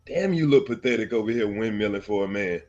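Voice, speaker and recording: A man's voice: lowish voice, lively intonation, quick pace, darkish tone, muffled recording. A man hosting a reaction stream, taunting his critics, laughing between jabs and calling viewers sir. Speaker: host of a reaction channel. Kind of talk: mocking live commentary.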